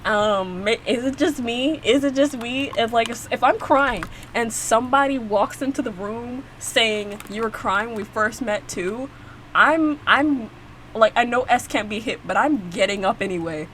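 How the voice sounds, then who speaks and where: A woman's voice: a little high, a little slow, fairly bright tone, slight background noise, poor audio. A young woman hosting a reaction video, talking casually and rambling with lots of fillers and restarts. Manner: chatty, rambling, frequent fillers and restarts, laughs often.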